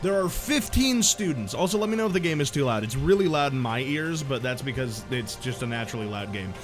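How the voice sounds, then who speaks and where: A man's voice: mid-range voice, lively intonation, fast, over music. A man streaming a video game with rambling, self-deprecating, jokey commentary. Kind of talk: casual let's-play commentary.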